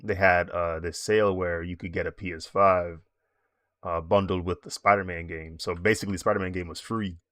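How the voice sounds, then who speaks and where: Low-voiced man chatting while he draws. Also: normal speed, dry recording, studio quality. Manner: relaxed, rambling, laughs often. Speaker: streaming digital artist. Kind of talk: casual chat while drawing on stream.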